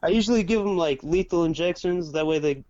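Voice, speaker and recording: A man's voice: on the high side, brisk, highs cut off, over a noisy crowd. A man co-hosting a podcast in casual, profane chat who laughs through his stories and keeps saying bro. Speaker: podcast co-host.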